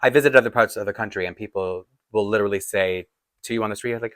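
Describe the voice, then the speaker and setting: A man's voice: fairly low pitch, quick pace, fairly bright tone, no room sound. A man, from Toronto, chatting casually in a rambling, self-deprecating way as a doll collector vlogger. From Toronto, Canada. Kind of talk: casual chat.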